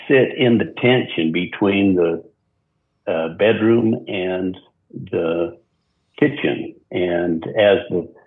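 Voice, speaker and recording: A man with a very low voice thinks aloud in a halting, reflective way. He stops and restarts, working his way toward his point. The sound is thin and phone-like. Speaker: podcast guest. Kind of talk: casual discussion. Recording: tinny phone-like line.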